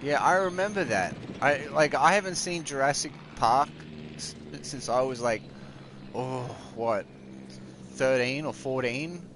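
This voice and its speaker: A man's voice: mid-range voice, measured pace, noisy background. A man, chatting casually and rambling while live-streaming a game at home. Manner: rambling, chatty, talks aside to family.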